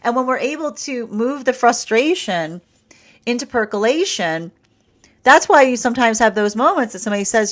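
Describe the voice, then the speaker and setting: A woman's voice: a little high, lively intonation, normal speed. A woman giving a casual tarot and astrology reading, rambling with frequent laughs and restarts. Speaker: tarot reader.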